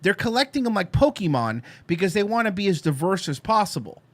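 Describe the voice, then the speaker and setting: A man hosting a comedy podcast, sarcastic and animated in casual commentary. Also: high-pitched, a little fast. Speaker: podcast host.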